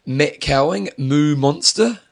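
A man's voice: a little high, slow pace, vocal fry. Joking man co-hosting a podcast. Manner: jokey, playful, reads out names. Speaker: podcast co-host. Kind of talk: casual chat.

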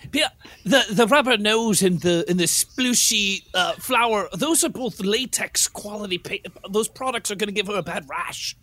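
A man's voice: high voice, moderate pace, sharp tone. An improv actor playing a fussy, nervous assistant who hesitates and stumbles as he talks. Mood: worried. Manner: hesitant, full of ums and uhs.

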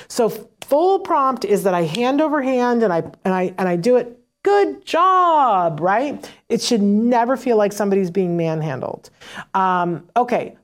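Chatty woman explaining teaching tips. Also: mid-range voice. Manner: conversational, often checks in with "right?"; acts out short exchanges in a lively voice. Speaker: parent educator on autism teaching. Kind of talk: casual instructional talk.

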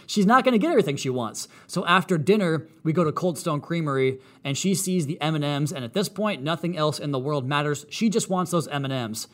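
A man's voice: fairly high pitch, a bit bright. A man in his thirties hosting a casual fan podcast, talking animatedly with dry, sarcastic asides. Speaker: podcast host. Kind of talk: casual monologue.

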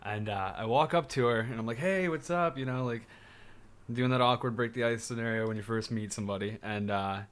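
A man's voice: on the low side, fairly even intonation, a little fast. A young man in casual chat, rambling through a story with lots of fillers and swearing.

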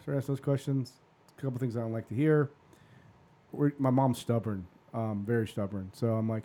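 A man's voice: mid-range voice, fairly even intonation, normal speed, warm tone. A man in his forties, a podcast host, telling a long personal story in a rambling, casual way and swearing freely.

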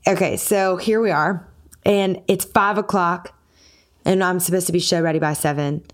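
Podcast lady with a lowish voice, chatty storytelling, does little voices for quotes. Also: fairly even intonation, moderate pace. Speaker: podcast host and singer. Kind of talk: casual podcast chat.

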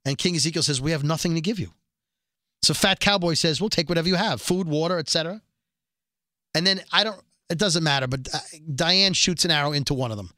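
A man riffs through a TV recap in a casual studio chat, joking and acting out quotes. His voice sits a little high and sounds bright and forceful. The recording is close and dry. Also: no echo. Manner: jokey, acts out quotes in quick voices. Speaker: podcast co-host recapping a TV episode. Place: New York.

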